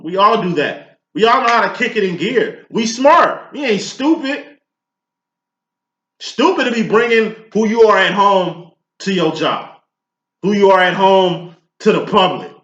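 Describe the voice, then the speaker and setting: A man's voice: fairly high pitch, sharp tone. A man giving a casual tarot reading, talking in a blunt, profane, preachy way. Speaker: tarot reader. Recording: echoey room, dull lo-fi sound.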